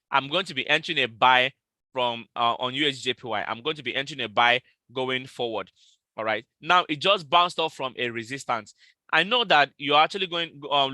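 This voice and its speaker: A man with a very bright, sharp-edged voice hosts a live trading session. He repeats each call and spells out numbers slowly, and the sound is dry and close to the mic. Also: mid-range voice, no echo. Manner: repetitive, calls out trade levels slowly and repeats them. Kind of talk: live market analysis stream.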